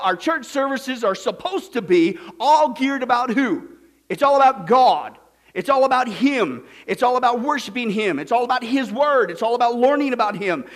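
A man preaching a sermon in a lively, sarcastic way, putting on mocking voices to make his points. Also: extremely high pitch. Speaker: pastor.

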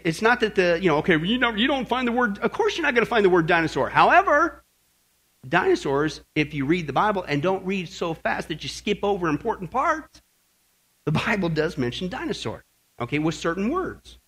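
A man with a fairly high, husky voice leads a Bible lesson. His pitch swings widely as he talks, and he keeps asking his listeners "okay?" and "right?". He drops in slang and jokes in a casual, conversational preaching manner. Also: fairly bright tone. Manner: jokey, uses slang. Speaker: Bible teacher. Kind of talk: sermon-style Bible lesson to a group.

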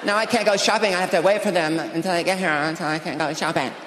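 A man's voice: high-pitched, steady tone, fast, background noise, lightly acted. Man doing a whiny, overdramatic teenage girl. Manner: whining, overdramatic. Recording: roomy stage with crowd ambience.

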